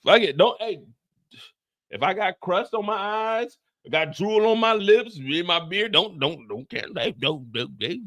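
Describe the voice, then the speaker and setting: His voice sits high and animated, fairly bright, and he doesn't hurry. A show recap streamer, he's chatting casually and profanely with viewers, sounding tired while exaggerating his comic exasperation and repeating himself as he tells stories.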